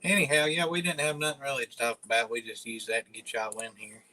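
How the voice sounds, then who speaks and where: A man's voice: mid-range voice, level tone, fast, bright, forceful tone, poor audio. A man from northern Alabama with a Southern accent, casually chatting with viewers on a livestream in a laid-back, mumbly drawl. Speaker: livestream host.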